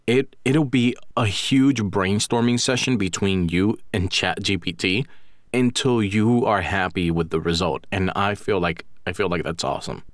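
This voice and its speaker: A man's voice: sits low, normal speed, no room sound, studio quality. A man co-hosting a podcast, talking enthusiastically in a rambling, casual way. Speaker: podcast co-host. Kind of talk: casual podcast chat about roleplay.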